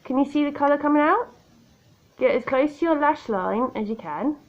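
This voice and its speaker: In a muffled tablet-camera recording from a room by a window, a makeup vlogger speaks at a normal speed in a high, animated voice. She chats directly to the viewer and teases herself as she goes through her makeup tutorial at home.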